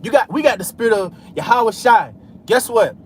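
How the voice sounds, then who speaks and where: High-voiced man preaching from his car. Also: animated, moderate pace, slight background noise. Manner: street preaching, repeats "man" and "hey". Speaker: religious vlogger. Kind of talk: preaching while driving.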